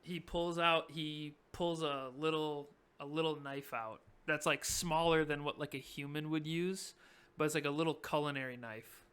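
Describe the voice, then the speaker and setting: A man's voice: a little high, fairly even intonation, normal speed, fairly bright tone, clean tone. A man narrating a tabletop game as game master, in a loose, filler-filled style.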